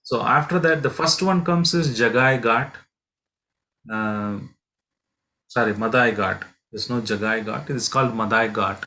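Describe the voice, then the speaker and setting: A man leads a devotional lesson as a pilgrimage guide. He speaks in a halting way, full of fillers and restarts, as he tells the stories. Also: mid-range voice, sharp tone, poor audio.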